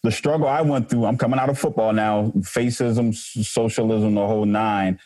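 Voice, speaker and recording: A young man talking in a relaxed, casual podcast conversation and encouraging the others to go on. His voice sits fairly low and sounds dry and close to the mic. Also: moderate pace, no echo, rough recording.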